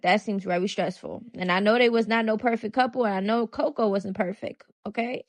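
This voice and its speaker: A woman's voice: medium pitch, brisk, few pauses, dry recording. A woman giving casual commentary on a clip, chatty and hesitant with many fillers. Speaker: commentary channel host.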